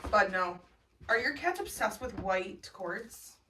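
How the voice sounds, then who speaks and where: A woman's voice: medium pitch, expressive, slow pace. A young woman vlogging casually at home and chatting to her viewers. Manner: chatty, talks to her pet in a baby voice. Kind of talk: casual vlog chat. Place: bedroom and home office, indoors. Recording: distant mic, faint background noise.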